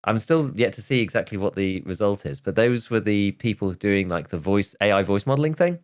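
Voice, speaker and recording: A man's voice: lowish voice, expressive, a little fast. A man in his thirties, a podcast host chatting casually and rambling, with lots of "like" and restarts. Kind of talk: casual chat.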